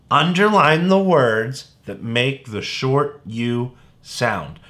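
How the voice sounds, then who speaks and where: A man's voice: medium pitch, a bit bright. A man teaching young children phonics in a playful way, sounding out words letter by letter. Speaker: kindergarten teacher.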